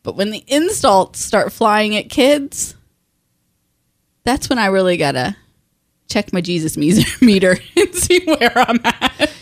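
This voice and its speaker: Lively, animated mom chatting. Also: female voice, medium pitch, unhurried. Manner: animated, laughs often, trails off and restarts. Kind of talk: casual chat.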